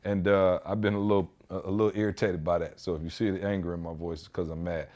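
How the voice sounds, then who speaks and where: A man hosting a podcast, telling stories in casual chat with slangy, animated delivery. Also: low voice, fast talker. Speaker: podcast host.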